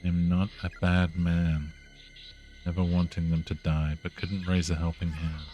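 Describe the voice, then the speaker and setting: A man voicing a remorseful haunted antique doll spirit, reciting slowly and quietly in a sing-song way. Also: deep voice, flat delivery, highs cut off, soft background music. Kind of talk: reading game dialogue aloud.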